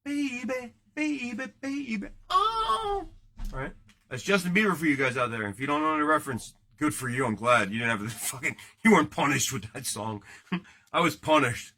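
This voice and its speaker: A man's voice: medium pitch, expressive, fairly quick, sharp tone. A man hosting a casual live card break, joking and rambling as he chats with viewers while opening packs. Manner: joking, rambling, banters with chat.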